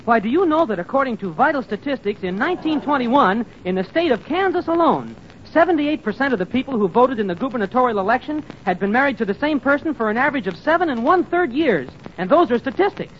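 An eager young statistics nut, earnest, bouncy pitch, 1940s radio comedy, lo-fi with faint hiss. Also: male voice, expressive, fast talker. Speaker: comic sidekick.

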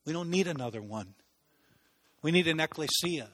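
A man preaches in a large hall, his high, bright voice ringing with a long echo. He tells stories in a lively way, acting out other people's voices as he goes. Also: normal speed. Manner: animated, acts out voices and laughs at own stories. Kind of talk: sermon with storytelling.

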